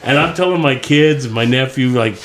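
A man's voice: mid-range voice, moderate pace, fairly bright tone, a little hiss or hum. A middle-aged man, telling a story in a casual chat, swearing constantly and laughing as he goes. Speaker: podcast co-host.

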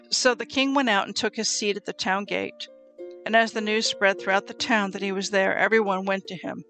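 A woman reading Bible passages aloud in a calm, measured storytelling way. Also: medium pitch, soft background music. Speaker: scripture reader.

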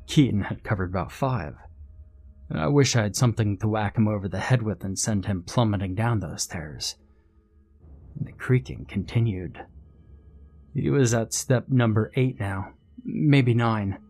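A man narrating a horror story in a measured, suspenseful way. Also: on the low side, darkish tone.

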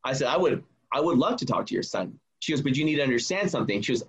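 Husky-voiced man telling a story. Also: mid-range voice, very fast, rough recording. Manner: animated, acts out quoted dialogue. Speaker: guest telling a personal story. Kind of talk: casual storytelling.

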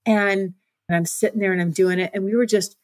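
A woman's voice: medium pitch, steady tone, brisk, darkish tone, no echo. A woman hosting a podcast, telling a candid personal story in a frank, breathless way with many restarts. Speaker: podcast host.

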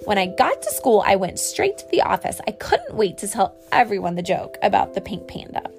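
A woman reading a children's picture book aloud to a child in an expressive, sing-song storytelling way. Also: medium pitch, fairly quick, soft background music. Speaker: reader.

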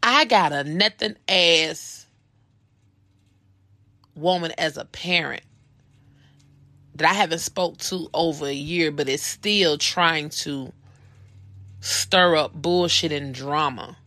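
A woman's voice: low voice, slow, long pauses, sharp tone, dry recording. A woman in her thirties hosting a personal podcast, telling a story in a blunt, profane, heated way. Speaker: podcast host.

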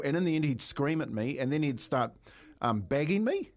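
Kiwi radio co-host, higher voice, animated storyteller. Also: male voice, a little fast. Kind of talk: casual radio banter.

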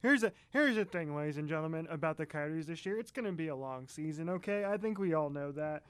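A chatty man co-hosting a podcast, talking straight to his listeners in a folksy, easygoing way. His voice sits a little high and comes across smooth and clear, close on the mic in a dry room with no echo. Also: animated, quick pace. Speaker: podcast co-host. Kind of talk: casual chat.

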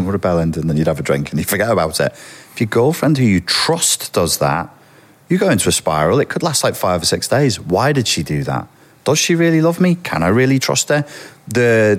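A middle-aged man, an expert guest in an interview, explaining earnestly and speaking straight to the viewers. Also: low voice.

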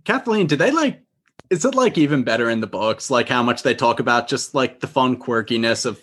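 A man's voice: mid-range voice, expressive, a little fast, fairly bright tone, breathy edge. A man co-hosting a casual show recap, enthusiastically retelling scenes. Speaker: podcast co-host.

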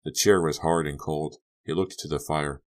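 A man narrating a young-adult horror audiobook in a calm, measured storytelling manner. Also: very deep voice. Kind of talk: scripted narration.

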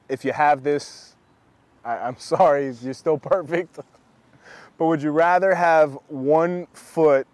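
A man's voice: a little high, darkish tone, no room sound. Young male co-host, slightly raised voice, laughs easily, casual banter, dry close sound. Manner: laughs often, giggly and playful. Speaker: podcast co-host. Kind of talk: casual chat.

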